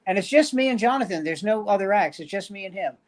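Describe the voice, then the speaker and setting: A man's voice: high-pitched, expressive, fast talker. Older New man telling wry stories. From New York. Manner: wry, rambling anecdotal storyteller. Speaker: veteran standup comedian guest. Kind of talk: casual storytelling chat.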